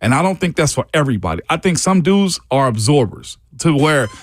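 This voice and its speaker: A man's voice: a little high, big pitch swings, brisk, no room sound, studio quality. A man co-hosting a sports radio show, talking bluntly and in restarts as he breaks down line play. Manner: blunt, repeats himself, frequent restarts. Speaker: sports radio co-host, former lineman analyst.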